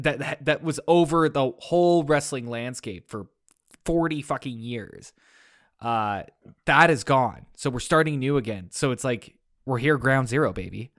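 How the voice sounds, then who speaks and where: A man's voice: mid-range voice, a bit bright, dry recording, studio quality. A man co-hosting a wrestling podcast, talking in a hyped, loose, rambling way and swearing. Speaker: podcast co-host. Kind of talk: casual wrestling podcast chat.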